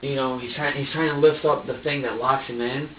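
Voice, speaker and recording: A man under police questioning who recounts events haltingly, repeating himself and swearing. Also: medium pitch, fairly even intonation, a little hiss or hum. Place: police interrogation room. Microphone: distant room camera mic. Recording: dull, echoey room audio from far off.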